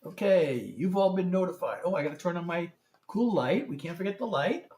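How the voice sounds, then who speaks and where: A singer-songwriter hosts his own music livestream from a home room lit by a ring light, recorded on a phone at a distance in an echoey space, his voice off the mic. He sounds high, expressive and a little fast with a darkish tone, chatting casually, greeting viewers by name and fumbling with the setup.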